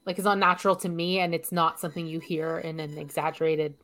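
A woman with a light Canadian accent co-hosting a podcast in casual chat, chatty and quick to laugh, often restarting her sentences. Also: sits low, steady tone, a bit bright. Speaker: podcast co-host.

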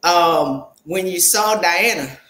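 A woman's voice: on the low side, slow, a bit bright, echoey room, rough recording. A woman hosting and coaching on a podcast, talking in an informal, teasing way. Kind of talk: casual interview chat.

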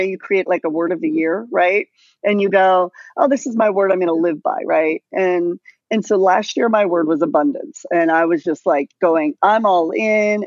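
A woman in her forties, a podcast guest telling a personal story in a casual, animated way with lively asides. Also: mid-range voice, no room sound. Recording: dull dry lo-fi sound.

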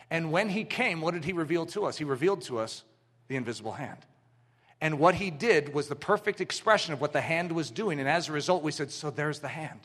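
High, animated male preacher. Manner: animated, emphatic, jumps between shouts and hushed lines. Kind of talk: sermon.

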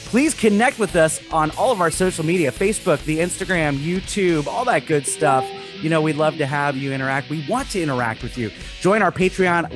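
A man hosting a podcast in casual, playful chat. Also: a little high. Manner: playful, animated. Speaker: podcast host.

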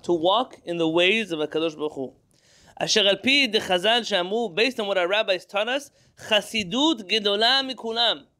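A man's voice: sits high, sharp tone. A man teaching a Torah class. He reads Hebrew lines, explains each one in English, and asks his listeners rhetorical questions.

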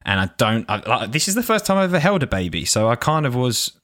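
A man's voice: mid-range voice, sing-song, fast talker, a bit bright. A man co-hosting a podcast, chatting casually and laughing often while he banters. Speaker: podcast co-host. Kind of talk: casual chat.

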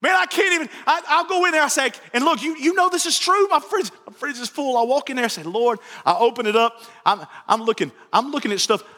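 A man preaching with a very high, bright, sharp voice, animated and joking and often repeating himself. His voice rings through a church sanctuary with a long reverb. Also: fast, few pauses. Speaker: pastor. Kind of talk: sermon.

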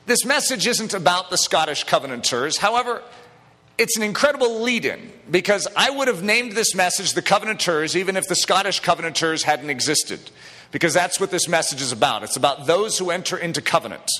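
A fairly high, bright man's voice preaching with big swings in pitch. He is a middle-aged pastor who jokes easily with the congregation, then drives his points home with emphatic declarations. A long reverb trails after him from the sanctuary. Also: a little fast. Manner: lively, jokey preaching that builds to emphatic declarations. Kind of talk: sermon. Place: church sanctuary.

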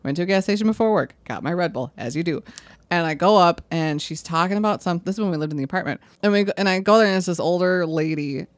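A young adult woman co-hosting a podcast, chatty and animated, laughing often as she tells stories. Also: fairly low pitch, quick pace, dry recording. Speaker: podcast co-host. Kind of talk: casual chat.

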